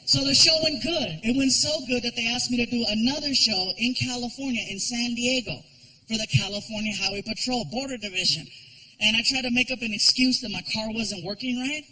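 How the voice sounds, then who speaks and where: Animated bright-voiced male stand-up comedian. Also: extremely high pitch, fairly quick, low-quality recording. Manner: animated, acts out characters with voices. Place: theater stage before a live audience.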